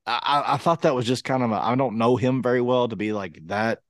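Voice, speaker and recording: A man's voice: medium pitch, steady tone, fast, no echo. A man, co-hosting a podcast in casual chat, rambling with many fillers and restarts. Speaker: podcast co-host.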